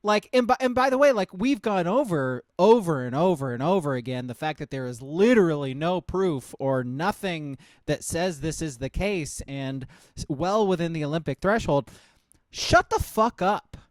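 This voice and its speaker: A man's voice: a little high, expressive, moderate pace, darkish tone, no echo. A man co-hosting a sports podcast, talking in a heated, profane way and repeating himself for emphasis. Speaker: podcast co-host. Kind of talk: casual sports podcast chat.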